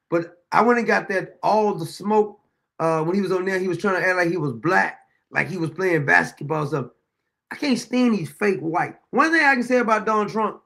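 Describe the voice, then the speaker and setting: Gravelly high-voiced male livestream host. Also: fairly bright tone. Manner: loose colloquial, chuckling often. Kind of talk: livestream commentary.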